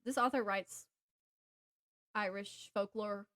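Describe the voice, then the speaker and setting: A woman's voice: medium pitch, steady tone, slow pace, pushed and bright. A woman with a Southern American accent co-hosting a casual book podcast, rambling and stopping herself mid-thought, laughing often. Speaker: podcast co-host. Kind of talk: casual chat about books.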